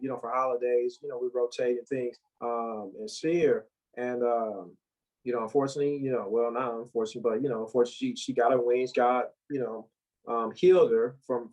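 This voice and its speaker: A man speaking as a guest on a podcast, his voice pitched in the middle. He tells his story haltingly, restarting often, and keeps holding back tears. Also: a little mellow, low-quality recording. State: close to tears. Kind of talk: emotional personal storytelling.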